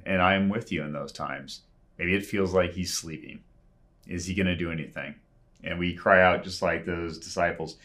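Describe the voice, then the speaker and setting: A man with a very low, deep voice delivers a sermon. He speaks earnestly and conversationally, pausing often between phrases. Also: fairly bright tone. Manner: earnest, conversational preaching with frequent pauses. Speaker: pastor.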